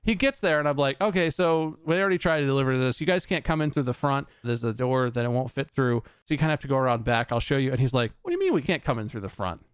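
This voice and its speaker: A man's voice: medium pitch, fast talker, few pauses, clean tone, dry recording, clean studio sound. A man hosting a podcast, telling an exasperated, sarcastic story in casual chat, swearing freely and laughing along the way. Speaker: podcast host.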